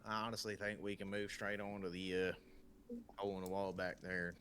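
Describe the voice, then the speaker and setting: Low-voiced wry male player, noisy mic. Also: monotone, a little fast, a bit bright. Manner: wry, profane, thinking aloud. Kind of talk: casual tabletop play.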